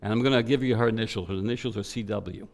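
A man preaching to a church, telling a personal story in an animated way and voicing the people in it. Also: on the low side, very fast, creaky. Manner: animated storytelling with quoted voices.

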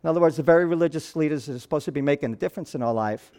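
A man pastor preaching a sermon, telling the story in an animated way that swings between loud and hushed. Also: on the high side, very fast.

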